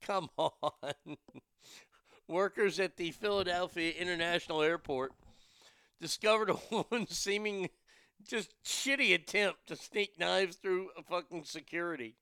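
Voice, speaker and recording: Male podcast host, crude ranting comic, slightly high voice with a smooth ring. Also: measured pace, sharp tone, dry recording, clean studio sound. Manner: profane, outraged and mocking. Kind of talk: crude comedic news rant.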